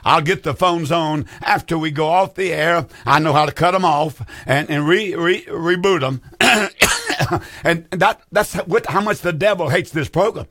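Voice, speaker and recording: A man's voice: a little high, moderate pace, fairly bright tone, dry recording. Fervent preacher man, dry sound. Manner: fervent preaching with repeated rhetorical questions. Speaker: pastor. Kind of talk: radio call-in sermon.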